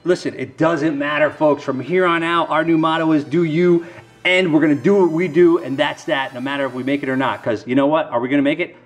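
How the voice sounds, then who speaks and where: Rambling dad chatting to camera. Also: male voice, fairly high pitch, steady tone, brisk. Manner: rambling, self-mocking, folksy asides to viewers. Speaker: dad opening trading card packs on camera. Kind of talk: casual chat to camera.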